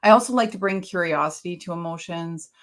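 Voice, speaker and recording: Animated woman storyteller, podcast guest. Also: fairly low pitch, a little fast. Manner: animated storyteller, laughs easily. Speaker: guest author. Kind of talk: casual conversational interview.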